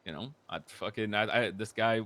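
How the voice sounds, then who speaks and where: A man casually retelling a roleplay story, animated and profane, acting out the other people's lines in a low mutter. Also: normal speed. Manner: animated, profane, acts out quotes in a lower mutter.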